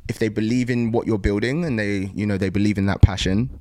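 A young adult man, a startup founder, talking casually in an interview, pausing often with ums and restarting sentences. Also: fairly low pitch, steady tone, dark tone, no echo, clean studio sound. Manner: thoughtful, frequent um pauses and restarts.

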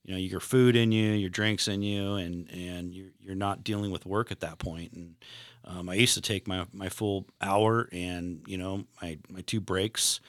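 A man's voice: deep voice, fairly even intonation, a little slow, a bit bright, dry recording, clean studio sound. A middle-aged man, a retired delivery driver, telling work stories in casual chat, rambling with many fillers and restarts.

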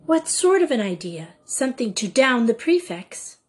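A woman reading an audiobook, voicing an eager, excitable schoolgirl full of questions. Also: fairly high pitch, normal speed, pitched above the performer's own voice.

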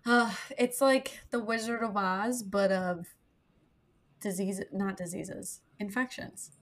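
A young woman co-hosting a podcast, chatting casually and rambling from one joke to the next. Her voice sits at a middle pitch for a woman, and she laughs easily. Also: steady tone, slow. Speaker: podcast co-host. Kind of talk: casual chat.

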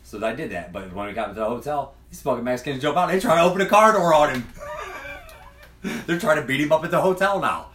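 A man's voice: a little high, animated, fast talker, a bit bright, slight background noise. A man telling a long, profane, rambling story in casual chat, acting out the other people's lines. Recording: echoey room, mic far off.

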